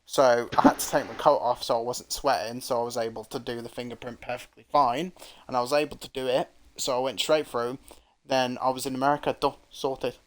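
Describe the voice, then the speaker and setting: A man's voice: mid-range voice, steady tone, fairly quick. A man from England, a co-host, recounting his flight step by step in a plain, repetitive, casual way. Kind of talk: casual chat.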